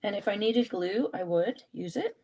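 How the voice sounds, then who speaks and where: A woman leads a relaxed live art journaling session. She chats and thinks aloud as she pulls supplies and prompt cards. Her pitch sits in an ordinary middle range, and her delivery is casual and unscripted. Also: moderate pace, slightly rough. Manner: chatty, thinking aloud while working. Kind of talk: casual live craft demonstration.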